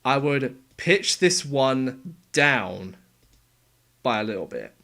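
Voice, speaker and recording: A young man gives casual developer commentary at his home setup. His voice is gravelly and his pace unhurried. He restarts sentences often and fills gaps with relaxed ums and uhs. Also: mid-range voice. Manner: halting, relaxed, with fillers and restarts. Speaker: game voice actor and sound editor.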